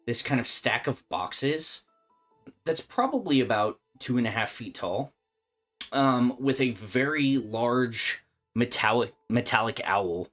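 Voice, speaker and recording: A woman narrating as game master of a tabletop game, speaking casually with many fillers. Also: a bass voice.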